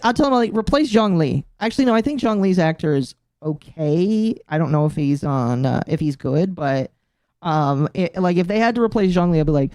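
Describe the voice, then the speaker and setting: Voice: medium pitch, dry recording, studio quality. A streamer hosting a casual live stream, ranting with plenty of swearing and laughter. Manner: profane, animated ranting with frequent laughter. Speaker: streamer host.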